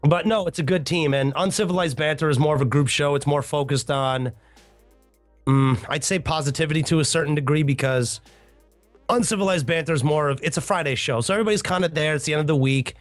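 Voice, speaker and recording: Male podcast host, high voice, lively storyteller, faint music bed. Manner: animated storyteller, swooping pitch, quick asides. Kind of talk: casual podcast chat.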